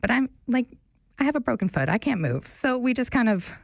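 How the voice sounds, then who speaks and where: A woman's voice: a little high, very animated, a little fast, vocal fry, no room sound. Young woman on talk radio, chatty storyteller, dry close sound. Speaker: radio show fill-in host. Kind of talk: casual talk radio chat.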